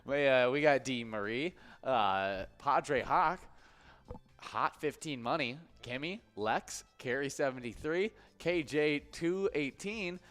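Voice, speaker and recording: A man with an average-pitched voice co-hosts a live bingo stream. He reads out lists of player names and chats casually. He often stops mid-sentence and fills gaps with "uh.". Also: fairly bright tone, faint music behind. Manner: laid-back, halting, with frequent "uh" fillers.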